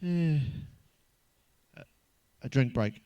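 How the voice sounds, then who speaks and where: A man's voice: on the high side, animated, extremely slow, clean tone, muffled recording. A middle-aged man telling crude jokes in a blunt stand-up monologue, swearing constantly. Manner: blunt, heavy swearing, does character voices in jokes. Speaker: stand-up comedian.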